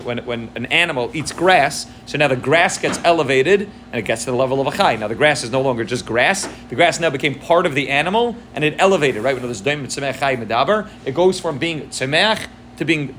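A Torah teacher works through texts line by line, weaving Hebrew and Yiddish terms into his English and often checking in with "right?". His medium-pitched voice is a bit bright, and there's a little hiss or hum on the recording.

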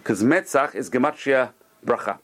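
A man giving a Torah class, animated and repeating phrases for emphasis. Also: mid-range voice, normal speed. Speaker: rabbi teaching a class.

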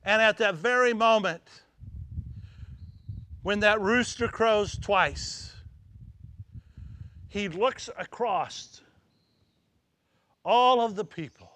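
A man preaching a sermon, acting out scenes dramatically and dropping to hushed tones at emotional moments. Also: high voice, very slow, long pauses, slight background noise. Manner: dramatic, swings from loud exclamations to hushed near-whispers.

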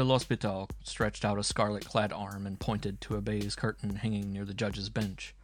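Man reading a dark tale. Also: lowish voice, flat delivery, soft background music. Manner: dramatic, deliberate storytelling. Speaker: narrator. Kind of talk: audiobook reading.

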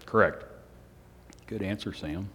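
A man preaching a Sunday night sermon, speaking in a self-described monotone with joking asides to the congregation. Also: sits low, takes it slowly, a little hiss or hum. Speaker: pastor. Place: church hall on a Sunday night. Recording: long hall reverb.

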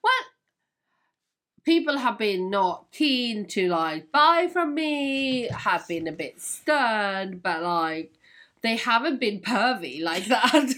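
A woman hosting a casual podcast chat, speaking in a measured, reassuring way. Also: a little high, lively intonation, fairly bright tone. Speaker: podcast host, wholesale coach.

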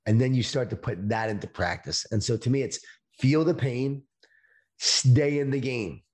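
A middle-aged man speaking as an interview guest, talking about leadership in a slow, emphatic motivational way over a video call. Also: medium pitch, darkish tone.

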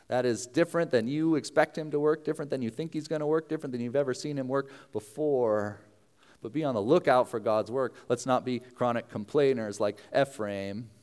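A man's voice: on the high side, clean tone, in a large hall. A man preaching a sermon in a casual, conversational way, sometimes acting out the voices of the people in his story. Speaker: pastor.

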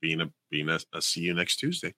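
A man's voice: low-pitched, very animated, a little fast, pushed and bright, dry recording. A man casually telling a long story on a podcast, swearing freely and acting out the people he quotes. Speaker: podcast co-host.

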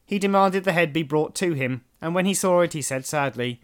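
A man, a podcast host narrating history in a measured storytelling manner with dry asides. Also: on the high side.

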